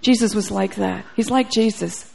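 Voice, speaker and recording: A woman's voice: mid-range voice, moderate pace, vocal fry. A woman preacher telling a testimony in a sermon, acting out the dialogue and growing fervent. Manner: storytelling, acts out dialogue, grows fervent.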